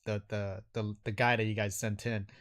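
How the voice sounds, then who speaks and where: A man's voice: fairly low pitch, level tone, normal speed, fairly bright tone. Man narrating as game master. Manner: hesitant, filler-heavy narration.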